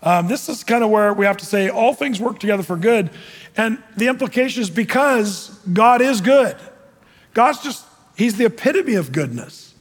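A man preaching a sermon with a high-pitched voice, chatty and questioning, tossing questions to the congregation between ums and uhs. Long reverb trails off his words in the hall. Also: lively intonation, normal speed. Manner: conversational, questioning the audience, frequent fillers. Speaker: pastor.

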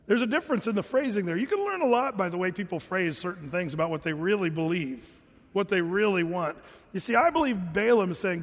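A man's voice: high-pitched, very animated, normal speed, a bit bright, long reverb tail. A man preaching a sermon as pastor. He reads scripture, explains it in a conversational way and asks the listeners questions.

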